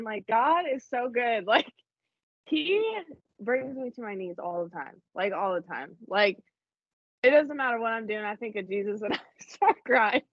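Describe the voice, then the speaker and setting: A woman's voice: mid-range voice, no echo. Emotional woman on a dull, dry recording. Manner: emotional, laughing, animated. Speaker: podcast co-host. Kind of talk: casual faith chat.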